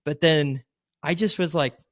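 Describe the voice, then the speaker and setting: A man's voice: on the high side, unhurried, dry recording, studio quality. A man guesting on a podcast, telling a sales story in a loose, rambling way full of fillers, acting out what people said to him. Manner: rambling, filler-heavy, leans on "like"; acts out quoted lines, gets loud in retelling. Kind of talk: casual interview storytelling.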